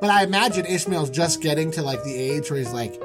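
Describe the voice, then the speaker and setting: A man co-hosting a podcast, retelling Bible stories in a jokey, animated way. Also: fairly quick, over music. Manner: animated, jokey, swooping pitch. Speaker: podcast co-host.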